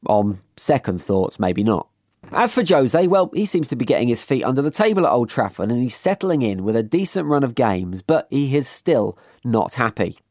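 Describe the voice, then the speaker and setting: A man's voice: mid-range voice, very animated, a little mellow, no echo. Wry man hosting comic football news. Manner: dry, wry and quick-witted. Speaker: host.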